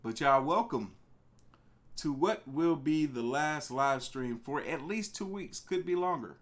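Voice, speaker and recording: A young man hosting a casual live stream, greeting viewers by name in an animated way. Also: unhurried. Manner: animated, greets viewers by name, pitch jumps on excited words. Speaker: live-stream reaction host.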